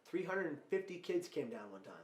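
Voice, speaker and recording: Male podcast host, rapid and emphatic, roomy recording. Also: a little high, sing-song. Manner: emphatic, grows loud when telling stories. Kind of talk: podcast conversation. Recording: roomy echo.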